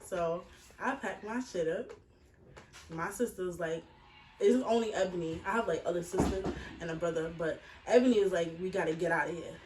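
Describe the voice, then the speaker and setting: A woman's voice: fairly low pitch, normal speed. A woman in her twenties telling a personal story casually, blunt and full of swearing. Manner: blunt, profane, animated retelling. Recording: echoey room, mic far off, faint hiss.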